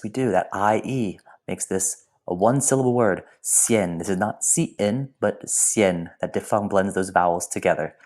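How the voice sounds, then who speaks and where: A man teaching a recorded language lesson in a playful way, with whispered asides. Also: on the low side. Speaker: Spanish teacher.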